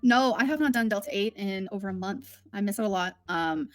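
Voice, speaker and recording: A woman hosts a livestream from home, chatting in a candid, rambling, emotional way. Her voice is medium-pitched and a little fast, with no echo and faint music in the background.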